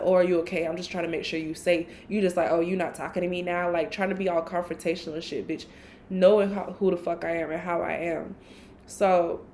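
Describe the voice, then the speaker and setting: A woman's voice: mid-range voice, slight background noise. Profane woman venting on her podcast. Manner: blunt, profane, animated venting. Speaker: podcast host. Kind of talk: candid solo podcast storytelling.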